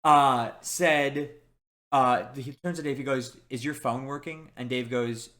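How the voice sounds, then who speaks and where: Bright-voiced young man telling a story. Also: medium pitch, a little slow. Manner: animated anecdote-telling, quoting people in dialogue. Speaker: podcast co-host. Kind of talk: casual storytelling chat.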